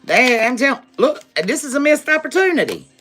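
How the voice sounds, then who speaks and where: A woman's voice: sits high, very animated, a little fast, fairly bright tone, slight background noise. A woman giving a live tarot reading, talking in a sassy, emphatic way straight to her viewers, with frequent laughs. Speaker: tarot reader.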